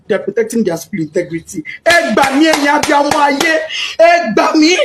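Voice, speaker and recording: A woman's voice: high-pitched, brisk. A middle-aged Nigerian woman giving impassioned, pleading testimony as a bereaved mother, switching into Yoruba and Pidgin. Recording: echoey room.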